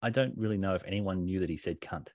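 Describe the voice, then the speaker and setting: Sweary low-voiced man chatting. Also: quick pace, no room sound. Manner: animated, sweary, laughs often. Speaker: podcast co-host. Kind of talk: casual chat.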